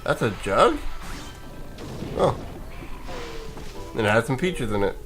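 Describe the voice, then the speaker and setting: A man's voice: mid-range voice, very animated, slow pace, a bit bright, faint music behind. A man giving casual, rambling commentary while playing a video game, sleepy and yawning, chuckling and restarting his sentences. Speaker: let's play gamer.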